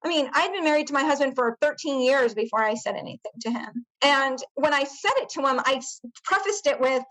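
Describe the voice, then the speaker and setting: A middle-aged woman, a podcast guest, recounting a painful personal memory in a halting way, with many fillers and restarts. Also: high voice, animated, fairly bright tone, poor audio. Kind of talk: personal testimony in interview.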